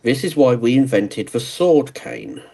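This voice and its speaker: A man's voice: mid-range voice, expressive, a little slow, creaky, mellow, poor audio. A British man in casual conversation on a live stream, with dry, wry humor. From Britain. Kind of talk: casual chat.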